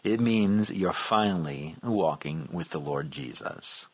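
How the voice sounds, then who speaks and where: A man's voice: low-pitched, expressive, slow, slightly rough, pitched below the performer's own voice, heavily acted. A man voicing a kindly old Yorkshire teacher. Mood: gentle. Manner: gentle, fatherly. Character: kindly older Bible teacher, in his eighties. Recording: dull lo-fi recording.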